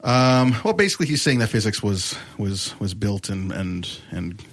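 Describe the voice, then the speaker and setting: Man podcast panelist, joking and hesitant, low and animated voice, dry sound. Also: normal speed, no room sound. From Canada. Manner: joking, hesitant, many restarts. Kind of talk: casual chat.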